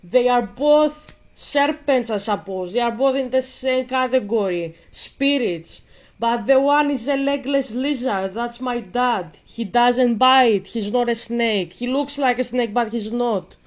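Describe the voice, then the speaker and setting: A woman's voice: fairly high pitch, unhurried. A woman vlogger ranting in casual commentary while gaming, blunt and profane, a bit out of breath.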